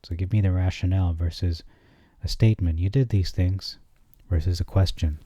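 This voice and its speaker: A man hosting his own channel, comparing scripture translations on screen and reading verses slowly before commenting dryly. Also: low voice, steady tone, warm tone, no echo. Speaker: channel host.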